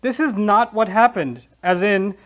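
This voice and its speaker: A man giving a lively Quran lecture, acting out scenes from the story and laughing along the way. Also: high voice, measured pace. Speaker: Islamic lecturer.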